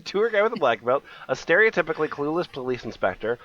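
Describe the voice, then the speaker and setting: A man's voice: fairly high pitch, very animated, quick pace, dull audio, a little hiss or hum. A man co-hosting a comedy podcast, reading a review aloud with frequent ums and uhs. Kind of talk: casual comedy podcast banter.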